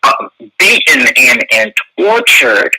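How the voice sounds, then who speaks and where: A man's voice: medium pitch, sing-song, takes it slowly, pushed and bright, husky, low-quality recording. A man co-hosting a sassy reaction commentary, ranting in an indignant, preachy way. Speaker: co-host.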